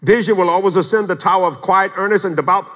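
An older man, a pastor, preaching a sermon in a folksy, animated way, with humor and acted-out quotes, recorded in a church sanctuary. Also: high-pitched, quick pace, long reverb tail.

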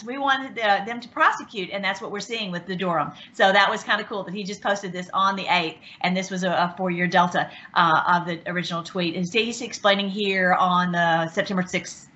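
Rambling excited woman, dull lo-fi audio. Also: medium pitch. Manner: rambling, excited, with many restarts and fillers. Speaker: online show host. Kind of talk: casual talk commentary. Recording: dull lo-fi sound.

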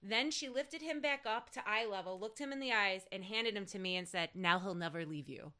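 Giggly woman with a bright voice. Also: on the high side, smooth. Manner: giggly, quick reactions, exclaiming. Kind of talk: casual chat.

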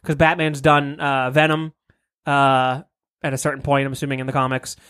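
A man's voice: mid-range voice, flat delivery, normal speed, a bit bright, clean tone. Rambling, laughing podcast host guy. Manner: rambling, laughing, swearing freely. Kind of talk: casual comic-book podcast chat.

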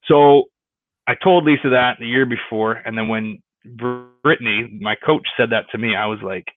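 A man's voice: mid-range voice, steady tone, normal speed. Man telling a story on a tinny line. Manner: rambling, with many restarts and quoted dialogue. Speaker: real estate agent. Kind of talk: casual interview storytelling. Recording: tinny phone-like line, dry.

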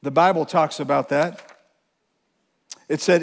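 A male pastor delivers a sermon in a fairly high voice, earnest and emphatic, slowing down to read scripture with weight. His words ring out with a long reverb from a large church sanctuary. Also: gravelly.

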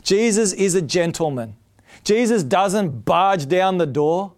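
A man's voice: high-pitched, animated, takes it slowly, darkish tone. A man preaching a sermon, earnest and emphatic, often repeating his key phrases.

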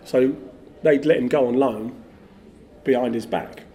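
A middle-aged man, a former footballer, telling stories in a casual, animated way with lots of fillers. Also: medium pitch, measured pace. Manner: animated, lively storyteller, many fillers like "like". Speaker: former footballer, podcast guest. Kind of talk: casual anecdotal storytelling.

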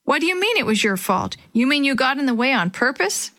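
Eager young girl sleuth in a storybook, read by a woman, earnest, fairly high voice. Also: very animated, fairly quick, bright, forceful tone, full character voice. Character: determined young girl detective.

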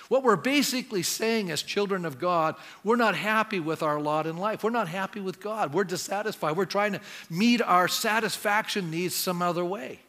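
A man's voice: high voice, bright, forceful tone, in a large hall. A man preaching a sermon as pastor, speaking in a conversational way and putting questions to the congregation. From Canada.

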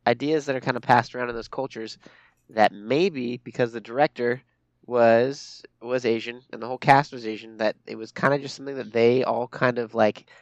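A man co-hosting a casual film podcast, explaining his view slowly and thoughtfully. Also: mid-range voice, fairly even intonation, dry recording, highs cut off. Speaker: podcast co-host.

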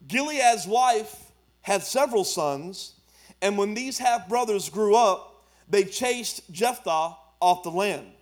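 A man preaches a sermon, his voice sitting high for a man. He talks in plain, colloquial phrases and builds his points with emphatic repetition. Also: animated, takes it slowly. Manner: preaching with rising emphasis and Southern colloquial speech. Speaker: pastor.

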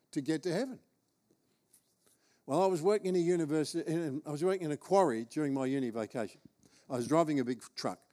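A man's voice: high-pitched, darkish tone. A man with an Australian accent, preaching as he tells a humorous, self-deprecating personal story. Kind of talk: storytelling sermon.

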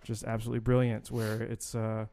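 A man's voice: on the low side, monotone, fairly quick, gravelly, dark tone, slight background noise. A man co-hosting a casual podcast, talking loosely and rambling, with casual swearing. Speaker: podcast co-host. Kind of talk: casual film-podcast chat.

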